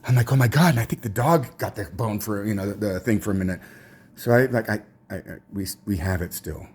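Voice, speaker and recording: A man telling a personal religious testimony in a rambling, halting way, full of restarts and trailing asides. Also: lowish voice, husky. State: tired, emotionally drained. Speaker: religious teacher.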